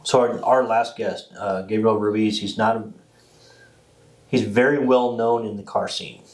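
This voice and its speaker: A man hosting a podcast, talking casually in a rambling, animated way. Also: lowish voice, unhurried, poor audio. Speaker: podcast host. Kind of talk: casual chat.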